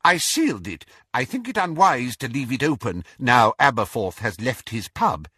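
A proud, brisk older witch, put on by a man reading aloud, clipped and commanding. Her voice sits high and bright with a slightly husky grain. It is a dry, close storybook reading. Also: very animated, dry recording, heavily acted. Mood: crisp. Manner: crisp, commanding.

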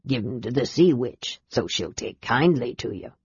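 A woman's voice: a bass voice, expressive, moderate pace, darkish tone, slightly rough, no echo, pitched below the performer's own voice, heavily acted. A woman voicing a wizened, toothless old sailor in an audiobook, gumming his words, with a dull lo-fi sound. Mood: humble. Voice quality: gummy, mumbling.

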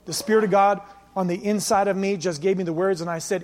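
A male pastor preaching a sermon, swinging between loud exhortation and quiet storytelling. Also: sits high, fast talker, a little hiss or hum.

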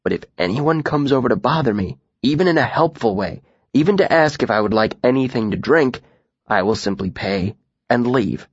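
A man doing a secretive young man's hushed rasp. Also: mid-range voice, lively intonation, dry recording, highs cut off. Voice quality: put-on rasp. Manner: hushed, deliberate.

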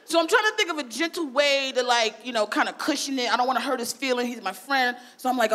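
A woman performing a stand-up comedy routine, brash and profane, shouting her punchlines. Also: high voice, fast talker, few pauses. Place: festival comedy stage.

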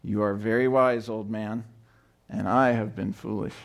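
A man's voice: fairly low pitch, steady tone, a little slow, creaky. A man voicing an astonished nobleman who exclaims in disbelief while reading a story aloud. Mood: humbled. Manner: exclaiming, incredulous, raised voice. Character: astonished rich nobleman on horseback, adult man.

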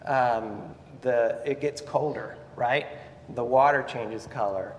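A man preaching in a long-reverberant church hall, his voice set in mid pitch for a man. He tells the story with lively, animated emphasis and keeps turning to his listeners with questions. A faint murmur of room ambience sits beneath him. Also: slow, slight background noise. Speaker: pastor. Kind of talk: Sunday morning sermon.

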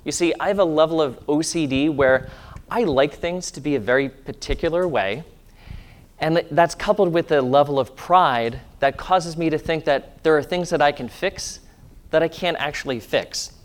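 Male pastor, slightly higher voice, calm sermon delivery that drops to a hushed tone for meditation. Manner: calm, slows to a soft hushed voice when leading meditation. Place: church sanctuary.

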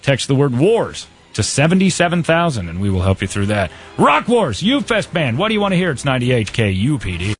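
A man hosting a radio show, bantering in a fast, joking and self-mocking way into a studio mic. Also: mid-range voice, sing-song, soft background music. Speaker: radio host. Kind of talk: casual morning radio banter. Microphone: studio microphone.

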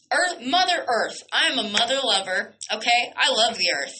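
Fiery, bright-voiced woman radio host. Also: a little high, big pitch swings, unhurried, poor audio. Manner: fiery, blunt, swears, rhetorical questions. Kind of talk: heated solo radio rant.

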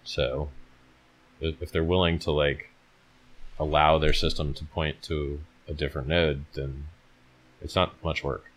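A man's voice: very deep voice, flat delivery, a little slow, pauses often, a bit bright. A tired man hosting a casual livestream, talking bluntly with plenty of swearing as he reads and answers viewer questions. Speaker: livestream host answering chat.

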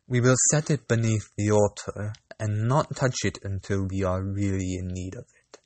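A man voicing a sly, greedy female cat in a storybook reading, with a slow, cool, smooth delivery. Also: lowish voice, little pitch movement, darkish tone, dry recording, lightly acted. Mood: advising.

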